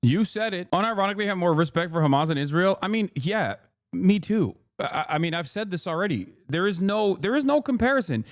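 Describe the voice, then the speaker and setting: A man's voice: high-pitched, animated, fairly quick, no echo, studio quality. A man hosting a livestream, ranting in profane, sarcastic commentary. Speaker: streamer host.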